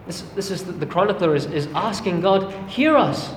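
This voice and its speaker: A man's voice: high-pitched, brisk, slight background noise. A man preaching a sermon, earnest and emphatic, calling his listeners friends. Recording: echoey hall with long reverb, faint ambience.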